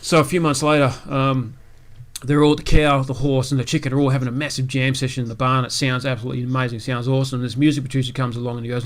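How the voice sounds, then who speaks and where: A man's voice: medium pitch, level tone, quick pace. A man hosting a gaming podcast, telling a long joke in a rambling, casual way with many asides. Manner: rambling, lots of fillers and asides. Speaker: podcast host.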